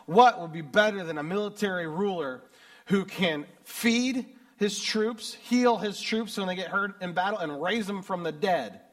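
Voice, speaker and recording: American male pastor, middle-aged, high-ish voice, sermon with dramatic loud-soft swings. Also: measured pace. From United States. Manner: dramatic swings between loud emphasis and hushed reading.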